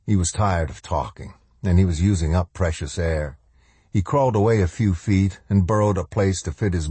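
A man narrating an audiobook in a measured, grave way with a close studio mic. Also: deep voice, dark tone, breathy edge, no echo.

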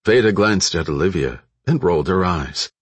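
A man narrating an audiobook in a steady, measured way. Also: deep voice, husky, no room sound. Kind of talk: scripted narration.

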